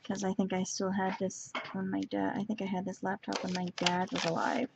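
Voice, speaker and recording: A woman's voice: medium pitch, a little fast, vocal fry. A woman casually showing off her journal pages at home, rambling and thinking aloud as she flips through them, a bit tired and sneezy. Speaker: journaling vlogger. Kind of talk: casual show-and-tell chat. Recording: dull lo-fi sound with steady background noise.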